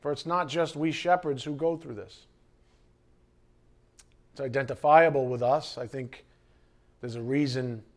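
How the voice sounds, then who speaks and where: A man preaching a sermon as pastor, lively and conversational, asking the congregation questions. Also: medium pitch. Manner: animated preaching, acting out scripture quotes and asides.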